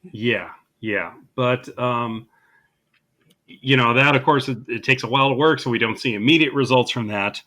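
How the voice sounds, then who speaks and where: A man with a bright, forward voice co-hosts a casual movie podcast. He walks through the plot in an easygoing way and drops deadpan sarcastic asides. The tone stays conversational throughout. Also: mid-range voice, normal speed. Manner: dry sarcastic humor. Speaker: podcast co-host. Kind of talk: casual movie recap chat.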